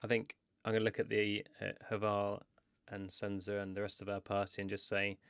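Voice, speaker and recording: A man playing a tabletop game over a voice call, animated and quick to laugh. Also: on the low side, clear, resonant tone, dry recording. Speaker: player.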